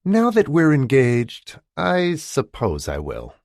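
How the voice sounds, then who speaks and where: A man's voice: medium pitch, huge pitch swings, slow, a little mellow, dry recording, studio quality, voice pushed up, heavily acted. A man reading an audiobook and voicing a woman who is a thriller author, with a raised, lighter voice. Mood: fond. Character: American woman, thriller author, newly engaged.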